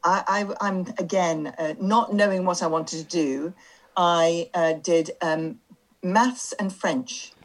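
Middle-aged woman from birmingham, tour guide, chatty and self-mocking, lowish voice. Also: takes it slowly. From Birmingham, England. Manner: self-deprecating, laughs easily, many ums. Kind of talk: relaxed interview storytelling.

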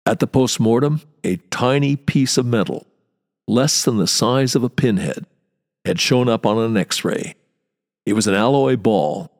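Wry, dramatic male storyteller, reverberant. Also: lowish voice. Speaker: podcast host. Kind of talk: storytelling history narration.

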